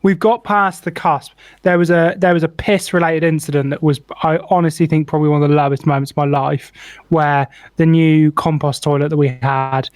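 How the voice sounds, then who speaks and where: A man's voice: fairly high pitch, dry recording. A young man, a podcast co-host telling a rambling, sweary anecdote full of "like" in casual chat. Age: young adult. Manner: swears freely, animated anecdote with lots of "like".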